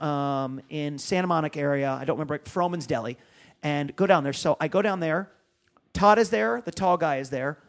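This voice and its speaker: Fast-swearing male comedian telling a story. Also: sits high, gravelly, a bit bright. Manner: swears freely, acts out phone calls. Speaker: podcast guest, comedian. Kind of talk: animated storytelling.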